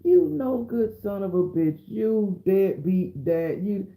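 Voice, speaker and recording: A man voicing a furious male courtroom judge who shouts insults, recorded in an echoey room. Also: high voice, expressive, slow pace, creaky, pitched above the performer's own voice, heavily acted.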